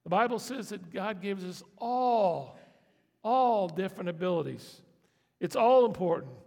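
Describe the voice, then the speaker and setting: A man delivers a folksy, conversational sermon, his voice sitting high with a gravelly fry at the ends of phrases. He talks in a church, and long reverb trails each phrase through the hall. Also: expressive, unhurried, darkish tone. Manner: folksy, conversational preaching with rising emphasis. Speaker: pastor.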